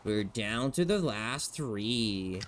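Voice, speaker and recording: Young man, streamer, casual game chatter, profane, sudden squeaky outbursts, very lively pitch, hissy recording. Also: extremely slow. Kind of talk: casual gameplay commentary. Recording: steady background hiss.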